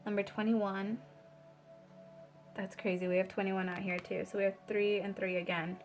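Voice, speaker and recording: A woman's voice: mid-range voice, little pitch movement, normal speed, faint music behind. Rambling woman giving a tarot reading. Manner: rambling, swears freely, many fillers. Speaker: tarot reader. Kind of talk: casual spiritual reading.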